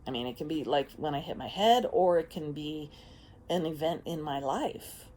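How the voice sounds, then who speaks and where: A woman giving a casual spoken monologue as a self-help vlogger, animated and frank, swearing freely and laughing often. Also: low voice, moderate pace.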